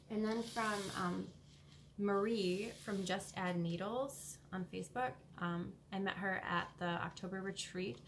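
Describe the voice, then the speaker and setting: A woman vlogger showing off her cross-stitch haul at home in a rambling, hurried way, with many pauses and ums. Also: on the low side, background noise. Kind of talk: casual show-and-tell haul. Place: home, indoors.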